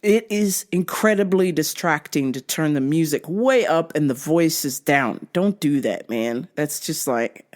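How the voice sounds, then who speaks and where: Woman host, casual comic rant, swears freely, animated delivery, slow-paced with a lively up-and-down voice. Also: low voice. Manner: animated, swears a lot, laughs often. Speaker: podcast host.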